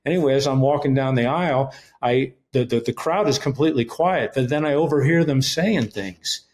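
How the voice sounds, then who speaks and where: A middle-aged man sharing his faith testimony as a podcast guest, at an ordinary pitch for a man. He tells it like a storyteller, earnest and direct, and voices the people in his story as he goes. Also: normal speed, a little mellow. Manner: earnest storyteller, retells events with quoted dialogue. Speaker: guest, ministry leader. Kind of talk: personal testimony in a podcast interview.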